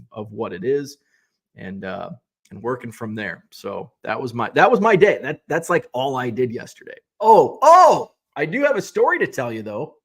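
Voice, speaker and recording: A man in the middle of his range, chatting casually as the host of his own show. He tells a story in a loose, wandering way, with wry asides, and he often stops and starts his sentences over. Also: mid-range voice. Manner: rambling, self-interrupting, wry storytelling.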